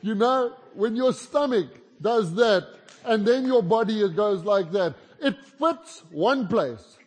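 A man's voice: sits high, expressive, takes it slowly. A man from South Africa with a South African accent, preaching a humorous sermon as a guest. He tells stories in a chatty way and teases the audience. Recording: long reverb of a large hall.

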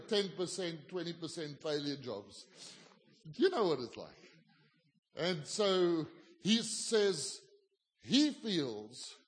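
A South African man, a pastor, preaching a sermon and telling a story with lively, self-deprecating humor, acting out the dialogue. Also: fairly high pitch, big-room sound.

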